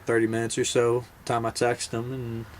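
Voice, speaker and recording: A man's voice: medium pitch, monotone, normal speed, a little hiss or hum. Laid-back rambling veteran man. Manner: rambling, laid-back, many fillers and restarts. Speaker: military veteran hunter. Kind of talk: casual storytelling vlog.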